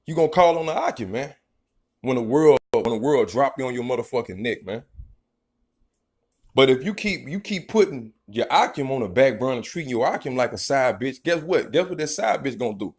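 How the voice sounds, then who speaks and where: A man's voice: fairly high pitch, big pitch swings, brisk. A man preaching an informal, profane sermon. He reads scripture verses, then riffs on them in a rambling, emphatic way and keeps tagging lines with "man". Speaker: street preacher.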